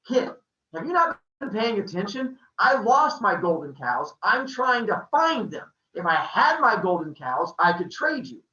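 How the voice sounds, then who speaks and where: Man playing a brash, vain god, yelling and exasperated, lively pitch, dull far-off room sound. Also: measured pace, echoey room, full character voice. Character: brash hot-tempered male god, loud and vain.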